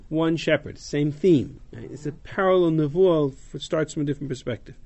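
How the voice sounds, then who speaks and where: A male teacher with a fairly high, creaky, slightly mellow voice talks a little fast. He leads a text-study class, reading verses aloud, translating and explaining them, and fields students' questions casually.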